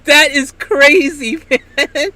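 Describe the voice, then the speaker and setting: A man's voice: extremely high pitch, very slow, pushed and bright, no echo. A male streamer chatting casually to his live audience, amused and laughing.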